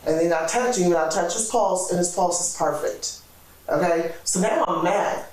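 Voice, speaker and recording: Woman, interview subject; animated retelling that acts out every quote. Echoey room, mic well off. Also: on the low side, moderate pace, far from the mic. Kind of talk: recounting events in an interview.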